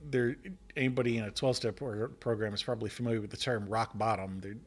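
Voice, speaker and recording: A man's voice: fairly low pitch, fairly even intonation, fast talker. A man co-hosting a casual podcast chat, thoughtful and hesitant, often searching for his words. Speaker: co-host.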